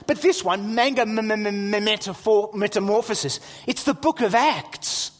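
A middle-aged man, a pastor telling funny stories in a sermon, animated and excitable with jokey asides. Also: sits high, moderate pace, hardly any pauses, in a large hall. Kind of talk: humorous storytelling sermon.

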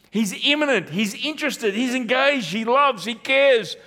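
A man delivers a sermon in a fairly high voice. He preaches earnestly, repeating phrases and posing rhetorical questions to his listeners. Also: expressive, normal speed, few pauses, sharp tone. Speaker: pastor.

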